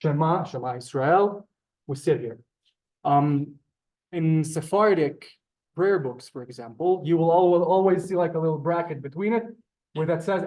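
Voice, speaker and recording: A man teaching a live beginners' Hebrew class, halting and repeating words, polite to his students. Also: a little high, a little mellow.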